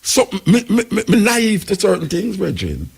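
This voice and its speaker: A man's voice: high voice, wildly swooping pitch, normal speed, gravelly, a little mellow, slightly rough. A Jamaican man hosting a talk radio show, delivering rambling, emphatic commentary in patois.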